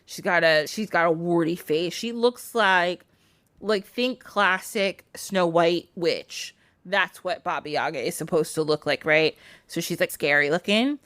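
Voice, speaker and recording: A woman's voice: lowish voice, a little slow, a bit bright, dry recording. Chatty woman retelling a folktale. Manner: chatty, laughing, filler 'like'. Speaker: podcast storyteller.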